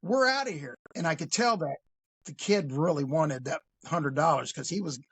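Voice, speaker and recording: A man's voice: fairly high pitch, moderate pace, breathy edge. A man telling a crime story in a casual, blunt, profane way.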